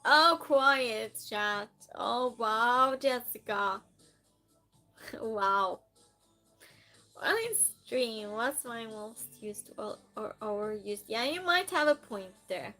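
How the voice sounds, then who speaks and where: Slow-talking playful woman streamer. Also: a little high, bright, forceful tone, faint music behind. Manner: playful, teasing, reads chat aloud. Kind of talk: casual chat with live viewers.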